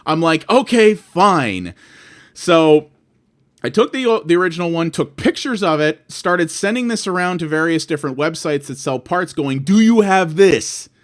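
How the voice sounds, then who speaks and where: A man's voice: a little high, lively intonation, moderate pace. A man in his thirties, from Canada, ranting about bad customer service, swearing and acting out both sides of his phone calls. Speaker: vlogger. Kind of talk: ranting monologue.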